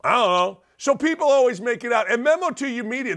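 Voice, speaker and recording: A middle-aged man rails through a sports talk monologue. His voice sits high for a man, and he hammers his points with rhetorical questions. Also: lively intonation, quick pace, a bit bright. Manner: emphatic, punchy delivery with rhetorical questions. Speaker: talk show host.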